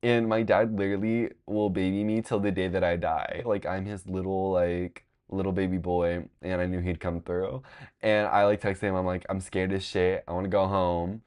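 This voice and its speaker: A young man from Long Beach, California, spins a loose, meandering personal story as host of his own show. His voice sits on the lower side, and he fills every pause with "like" and drops casual swears along the way. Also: flat delivery, darkish tone, clear, resonant tone. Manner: rambling, heavy on "like" fillers, frequent swearing. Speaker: podcast host.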